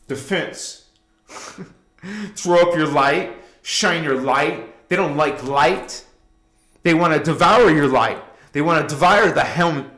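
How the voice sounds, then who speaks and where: A man's voice: on the high side, fairly bright tone, roomy sound. A man hosting a casual spiritual livestream, exuberant and laughing, chanting affirmations to his viewers. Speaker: livestream host.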